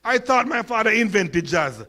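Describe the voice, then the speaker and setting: A Jamaican man in his sixties gives a humorous keynote with a slight stutter and lisp. He tells stories and puts questions to the crowd in a notably high voice. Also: big pitch swings, moderate pace, bright, forceful tone. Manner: storytelling, engages audience with questions. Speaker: conference speaker.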